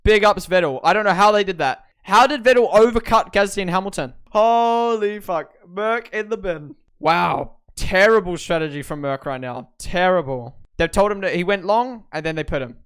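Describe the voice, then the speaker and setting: A young man hosts a race review in a casual, excitable way. His voice sits a little high and sounds smooth and clear. He swears freely and often breaks into shouts of disbelief. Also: normal speed, hardly any pauses. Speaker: host reviewing races. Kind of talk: live watch-along reaction and review.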